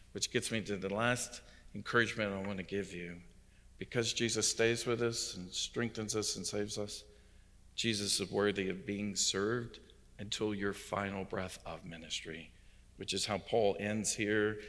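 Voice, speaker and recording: A man, a visiting pastor, delivering an emphatic sermon that swells and drops in intensity. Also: on the low side. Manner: emphatic preaching with rising and falling intensity. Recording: long hall reverb.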